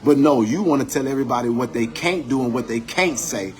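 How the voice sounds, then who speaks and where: A man's voice: mid-range voice, brisk. A man giving an impassioned, profane commentary monologue, building his points with preacher-like repetition.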